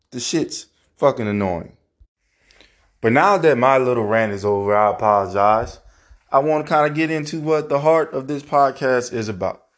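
A man from New Orleans hosting his own podcast alone, talking casually and emphatically with plenty of swearing and the odd rant. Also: mid-range voice. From New Orleans, Louisiana. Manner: profane, ranting, emphatic. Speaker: podcast host. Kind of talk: casual solo podcast monologue. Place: apartment at home.

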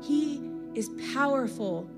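Young woman preacher, high bright voice, chatty slangy youth-conference talk. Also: expressive, slow, vocal fry, loud music behind the voice. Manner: chatty and slangy, laughs often. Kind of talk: casual energetic sermon. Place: church conference hall, live audience.

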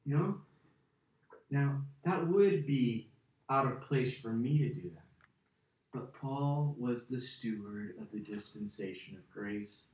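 A man's voice: medium pitch, lively intonation, a little slow. Emphatic male preacher in echoey hall. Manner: emphatic, conversational, repeats key phrases. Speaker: pastor teaching a Bible study. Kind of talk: Bible study teaching. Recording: very echoey, distant church mic.

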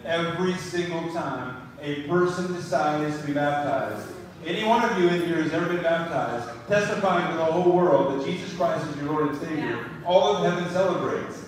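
A man preaching a sermon as pastor in a church fellowship hall, enthusiastic, repeating phrases and dropping to a hush for scripture quotes. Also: on the high side, normal speed. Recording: echoey hall, distant mic, noisy.

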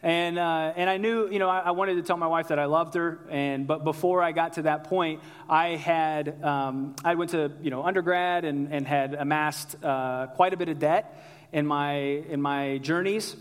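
High-voiced pastor preaching in a hall. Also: male voice, steady tone, normal speed, smooth. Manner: conversational storytelling, calls out to the congregation. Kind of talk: sermon.

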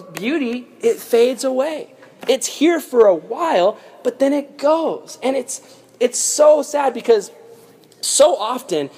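A young adult man preaching a casual, lively youth sermon. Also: high-pitched. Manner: lively, casual storytelling with slang. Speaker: youth pastor.

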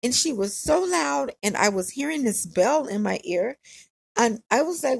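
Woman, casual storyteller, candid and repetitive, slightly high, husky voice, dry close sound. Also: expressive, normal speed, dry recording. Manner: candid, conversational, repeats phrases for emphasis.

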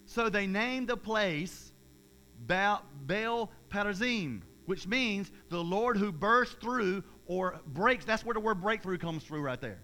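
A man, preaching a sermon in an energetic, emphatic way, with repeated phrases and restarts. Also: sits high, takes it slowly.

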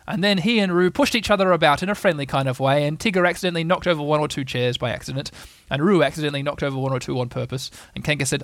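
A man's voice: on the high side, fast talker, few pauses, fairly bright tone, no room sound. A man reading a children's storybook aloud as narrator. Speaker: audiobook reader.

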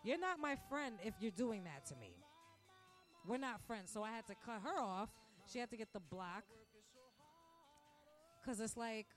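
A woman in her thirties hosting a podcast, giving a blunt, profane, animated rant from the restaurant where she works. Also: on the high side, normal speed. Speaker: podcast host. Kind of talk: casual ranting monologue. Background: faint background music.

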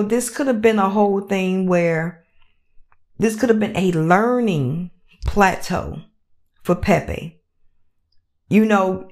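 Unhurried woman podcast host. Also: mid-range voice. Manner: animated, repetitive, acts out voices. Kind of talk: casual commentary monologue.

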